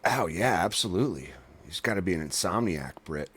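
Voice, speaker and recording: Deep-voiced laid-back podcast host. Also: male voice, lively intonation, a little fast, crowd noise. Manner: laid-back, joking, profane. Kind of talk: casual chat.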